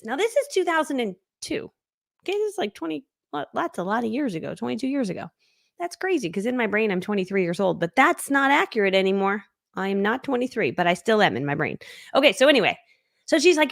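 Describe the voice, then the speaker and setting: A woman's voice: fairly high pitch, animated, fast, a bit bright, no room sound, studio quality. A woman in her forties telling her story in a chatty livestream, laughing often and acting out quoted voices. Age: 40s. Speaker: network marketing coach. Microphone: streaming setup.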